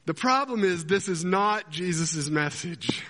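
A man preaching a sermon as pastor, an animated storyteller who acts out scenes as he talks. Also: high-pitched, measured pace. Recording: long hall reverb.

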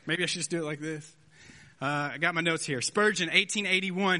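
A man's voice: fairly high pitch, fairly quick, sharp tone. A man in his thirties preaching a sermon, earnest and conversational with rhetorical asides. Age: 30s. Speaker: pastor. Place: church sanctuary. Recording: long hall reverb.

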